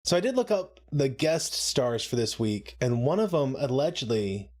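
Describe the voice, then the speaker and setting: A man's voice: mid-range voice, sing-song, normal speed. A man co-hosting a live watch-along, chatting casually, laughing often and making playful asides. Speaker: co-host of a show watch-along.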